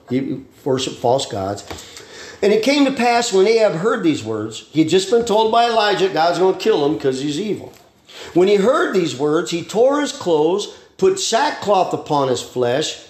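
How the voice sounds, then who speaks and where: High-voiced folksy preacher. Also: male voice, roomy sound. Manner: folksy, plainspoken preaching with slang and quick asides. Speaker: pastor. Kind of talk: sermon.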